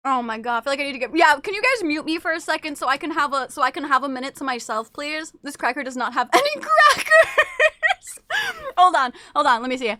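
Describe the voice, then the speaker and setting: A young woman streamer chatting casually with her viewers, excitable and gushing, swearing freely. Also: high voice, fast talker, hardly any pauses. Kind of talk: casual live-stream chat.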